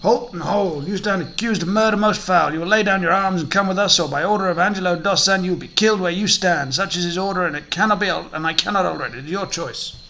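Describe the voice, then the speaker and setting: A man's voice: sits high, quick pace, hardly any pauses, bright, forceful tone, a little hiss or hum. A man voicing a stern city guard officer in a game, giving formal, commanding orders.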